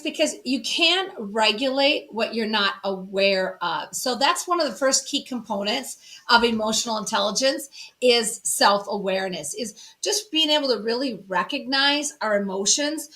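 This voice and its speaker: A woman's voice: on the high side, animated, moderate pace, sharp tone. A woman from Minnesota with a Minnesota accent, a guest on a talk show, explaining her topic in a friendly way. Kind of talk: interview talk.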